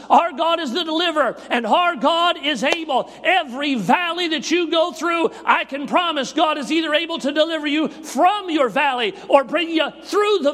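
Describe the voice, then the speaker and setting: High-voiced man preaching in a reverberant church. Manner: rhythmic repetition, swinging between shouted peaks and hushed lows. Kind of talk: sermon. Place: church sanctuary. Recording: long reverb of a church hall.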